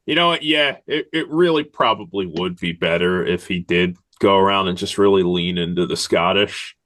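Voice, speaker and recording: A man's voice: deep voice, normal speed, a bit bright. An American man co-hosting a podcast in casual chat, with dry, wry humor. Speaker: podcast co-host.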